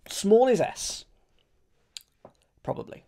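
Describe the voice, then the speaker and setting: A man chats casually on a live stream. He mulls things over out loud, repeats phrases to himself and talks straight to his audience in a relaxed, conversational way. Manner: thinks aloud, rereads clues slowly, chatty with viewers. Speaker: streamer solving a crossword.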